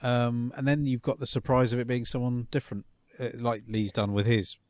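A man's voice: mid-range voice, a little fast, dry recording. A man co-hosting a podcast, chatting casually, often with short agreeing remarks. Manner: mostly brief agreeing interjections, relaxed. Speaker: podcast co-host.

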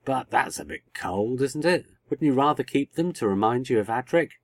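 A man's voice: medium pitch, lively intonation, normal speed, dry recording, clean studio sound, voice pushed up. A man voicing a flustered, awkward male time traveller in a read-aloud story. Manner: stammering, awkward.

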